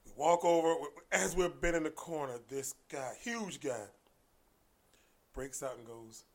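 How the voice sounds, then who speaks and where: With an unhurried voice on the high side, this man, a martial arts coach appearing as a guest, spins casual stories. He animatedly performs the characters' voices and occasionally slips into a whisper.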